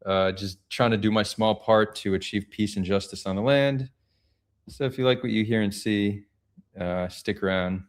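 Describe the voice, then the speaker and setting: Lowish-voiced guy hosting a chill livestream, friendly, jumps in quick. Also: steady tone. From Israel. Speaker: livestream host. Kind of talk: casual livestream chat.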